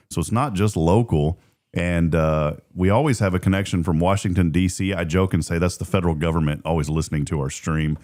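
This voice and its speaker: A man's voice: sits low, darkish tone. Chatty, jokey male radio host. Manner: chatty and jokey, laughs often. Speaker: radio morning show host. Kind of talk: casual radio chat.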